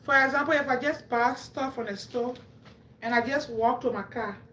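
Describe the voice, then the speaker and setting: High-voiced African-accented woman streaming live. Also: normal speed, fairly bright tone, slight background noise. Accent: African English. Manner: chatty, talks straight to viewers. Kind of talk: casual live-stream chat. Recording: echoey room, faint ambience.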